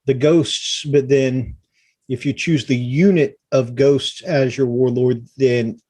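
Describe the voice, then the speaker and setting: A man's voice: mid-range voice, fairly even intonation, slow pace, mellow, no echo. A man co-hosting a casual gaming live stream, explaining game stats and rules step by step. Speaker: co-host of a tabletop gaming live show.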